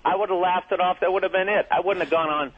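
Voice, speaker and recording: Profane comedian telling a story over a phone line. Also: male voice, sits high, steady tone, quick pace. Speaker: comedian guest. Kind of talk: casual radio chat, storytelling.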